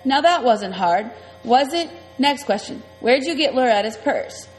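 A woman's voice: high voice, lively intonation, measured pace. Woman doing a taunting biker boss. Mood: menacing. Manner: gruff, taunting. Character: menacing burly male biker gang boss. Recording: long reverb, faint music.

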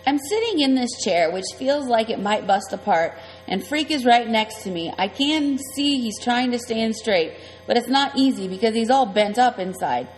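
A woman's voice: a little high, lively intonation, normal speed. A woman reading a first-person story aloud in a conversational, vivid way. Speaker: audiobook reader. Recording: long reverb, faint music.

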